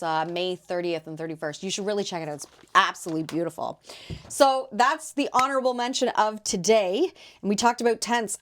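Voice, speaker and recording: A woman in her thirties from Canada, hosting a casual solo podcast and telling lively stories about her market stall. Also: medium pitch. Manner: chatty, animated storyteller acting out quotes. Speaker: podcast host and market vendor.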